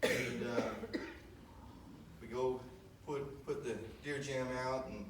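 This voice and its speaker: A man tells a folksy, rambling story at a memorial service, his voice sitting at an ordinary middle pitch. He is picked up from far off in an echoey room, and steady noise runs behind him. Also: takes it slowly. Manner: folksy, rambling, with many fillers. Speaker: son giving a memorial eulogy. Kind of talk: storytelling eulogy.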